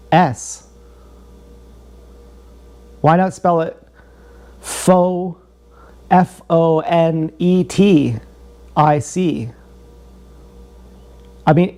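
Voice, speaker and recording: A young man livestreams a rambling personal story, swearing freely and circling back on himself. His voice sits a little high with a warm, mellow tone. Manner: meandering, profane, joking, repeats himself.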